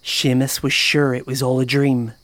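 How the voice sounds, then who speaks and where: A woman narrating a children's story in a playful, expressive way. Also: a bass voice, moderate pace, no echo. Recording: narration over clear music.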